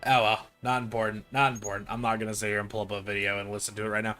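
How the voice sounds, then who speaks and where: A man's voice: on the low side, level tone, rapid-fire, pushed and bright, faint music behind. A man streaming a video game, making joking, playful asides in casual commentary.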